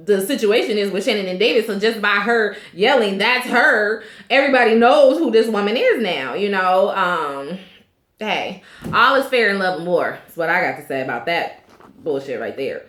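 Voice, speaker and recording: A woman's voice: mid-range voice, animated, moderate pace. Chatty opinionated woman in an echoey room. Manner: chatty and opinionated, many fillers. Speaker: reality TV recap vlogger. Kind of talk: casual recap vlog.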